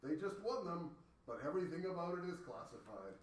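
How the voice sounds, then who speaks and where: A man from Canada teaching a high school science class, explaining with playful, joking analogies. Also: big pitch swings, fairly quick. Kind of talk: classroom lecture. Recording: echoey classroom from far off.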